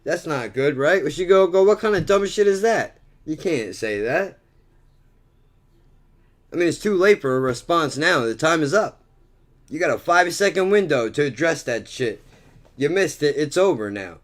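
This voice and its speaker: A man's voice: fairly high pitch, lively intonation, normal speed, long pauses, a bit bright. A man rambling through a crude, profanity-filled vlog monologue, swearing and mocking himself. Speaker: vlogger.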